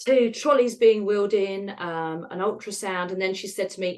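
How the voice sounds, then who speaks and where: Speaking at a moderate pace with few pauses, this British woman has a mid-range, darkish voice. Middle-aged and a retired osteopath, she recounts her own story in an interview with frankness and wry humor, voicing the dialogue in quotes.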